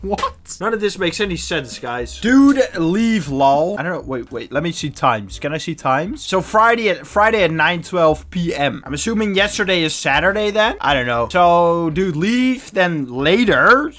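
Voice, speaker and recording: A man's voice: a little high, lively intonation, normal speed, hardly any pauses, bright, forceful tone, soft background music. A nineteen-year-old man giving blunt, sarcastic commentary as he reads online posts aloud, swearing freely. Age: 19, young adult. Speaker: reaction commentator.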